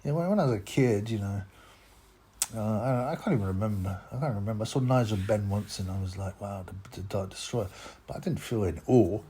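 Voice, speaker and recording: A man's voice: on the low side, fairly quick, dark tone, slightly rough. A man hosting a boxing channel, talking in a rambling, mocking rant with lots of stammered restarts. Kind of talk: casual rant to camera.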